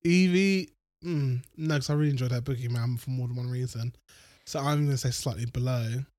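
In casual podcast chatter, a male co-host rambles, curses and pokes fun at himself. He speaks fairly quickly in a medium-pitched, darkish voice. The sound is clean studio quality with no room sound.

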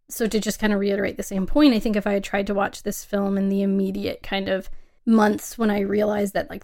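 A woman's voice: mid-range voice, gravelly, darkish tone. A young adult woman co-hosting a casual film podcast, chatty and emphatic, laughing often. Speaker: podcast co-host.

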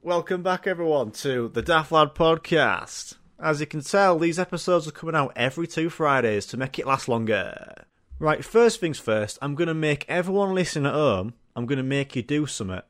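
A man's voice: on the high side, expressive, moderate pace, fairly bright tone. A man hosting his own podcast, rambling daft, sweary, self-mocking jokes. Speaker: podcast host. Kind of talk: casual solo comedy rambling.

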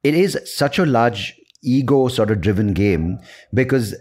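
A man's voice: medium pitch, expressive, unhurried, darkish tone. A man hosting a podcast who asks long, rambling questions full of restarts and "right?". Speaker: podcast host. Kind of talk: conversational interview questions.

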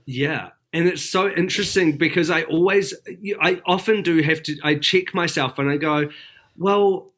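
A man's voice: a little high, moderate pace, few pauses, a bit bright. A man with a New Zealand accent, a TV weather presenter guesting on a podcast, telling candid stories in a casual chat. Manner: chatty, candid storytelling.

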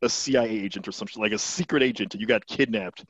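A man's voice: fairly low pitch, fast, highs cut off. Rambling, profane man on a podcast. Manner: rambling, profane, laughs often. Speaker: podcast co-host. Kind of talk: casual movie chat.

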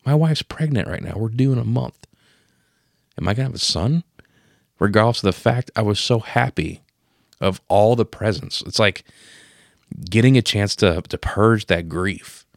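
A man in his thirties telling a personal story on a podcast, emotional and profane, marking each scene change with a sudden boom. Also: moderate pace, creaky, long pauses, no echo, studio quality. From Pennsylvania. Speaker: podcast co-host. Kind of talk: casual storytelling.

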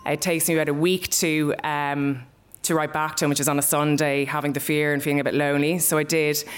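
Low-voiced Irish woman telling a story. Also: level tone, fairly quick, slight background noise. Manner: candid, conversational, swears freely. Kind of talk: live storytelling.

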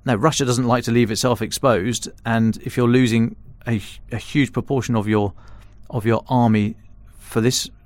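A man's voice: medium pitch, steady tone, moderate pace, hardly any pauses, no room sound. A man, a defence and security editor, giving casual podcast analysis in an explanatory way, often stopping and restarting mid-phrase.

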